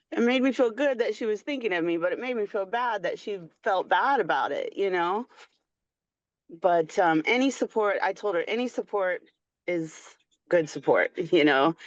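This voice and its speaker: A woman's voice: medium pitch, dry recording. A woman on a video call telling a personal story in a chatty, candid way, full of "like" and "you know". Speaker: support group participant. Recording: dull, dry audio.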